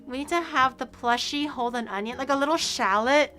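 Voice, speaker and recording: A playful woman streamer chats with her viewers in a high, bright voice. She is excitable and quick to squeal or laugh, and faint music plays behind her. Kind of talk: casual live-stream chat.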